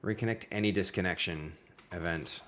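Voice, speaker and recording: A man's voice: deep voice, fairly quick, fairly bright tone, a little hiss or hum. A young Australian man streaming while he codes, chatting casually with viewers and reading their messages aloud, with a friendly manner and plenty of fillers. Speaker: livestreaming programmer. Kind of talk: casual live-stream chat while coding.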